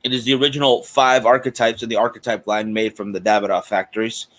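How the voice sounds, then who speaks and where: A man's voice: fairly low pitch, level tone, quick pace, a bit bright. Chatty male cigar show host. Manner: chatty, greets viewers by name, frequent fillers. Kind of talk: casual live-stream chat.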